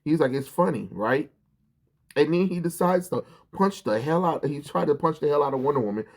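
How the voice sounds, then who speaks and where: A man's voice: fairly high pitch, animated, fast. A man recapping a comic book in a casual vlog, rambling, swearing and full of ums and restarts.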